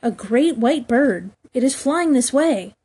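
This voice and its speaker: A breathless little boy in a storybook, his high voice cracking with panic or dropping into hushed wonder, as a woman reader puts him on. The voice sounds soft and mellow. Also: expressive, slow pace, husky, heavily acted. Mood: awestruck. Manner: frantic, then hushed and awestruck. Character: panicked, breathless young boy lost in the woods.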